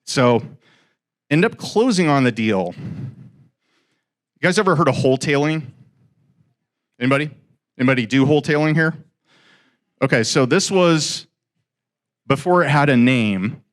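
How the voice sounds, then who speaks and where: A middle-aged man with a rather high voice tells a live audience about his first real estate deal, speaking unhurriedly with long pauses. He's animated and acts out the dialogue as he goes.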